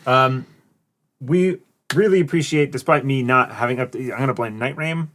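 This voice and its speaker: A man's voice: medium pitch, normal speed, fairly bright tone. Male host, 30s, rambling and self-deprecating, laid-back stream chat. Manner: rambling, hesitant, self-deprecating, many fillers. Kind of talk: casual chat on a game stream.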